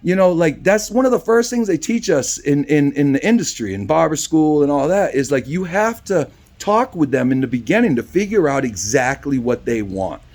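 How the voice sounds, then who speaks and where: A man's voice: fairly high pitch, big pitch swings, moderate pace, hardly any pauses, darkish tone. A man with a slightly raised voice tells a story in a loose, conversational way. He is a barber who rambles and often tacks on "right?". He voices both himself and the other person in the tale. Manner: rambling, with frequent tag questions; acts out both sides of the story. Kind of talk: casual storytelling.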